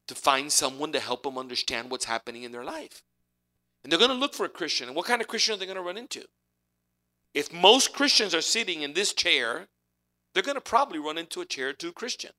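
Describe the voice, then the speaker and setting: A man delivers a sermon with a bright, ringing edge to his voice. He preaches conversationally and with animation, slightly higher-pitched than most men. He drops to quiet, intimate asides before climbing back up. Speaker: pastor.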